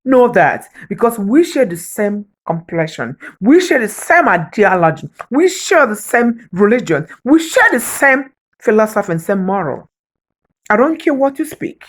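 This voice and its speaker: A woman's voice: mid-range voice, big pitch swings, unhurried. A woman giving an emotional, preacher-like spoken appeal, pleading and repeating phrases for emphasis. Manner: emotional, says her heart is broken. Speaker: vlogger.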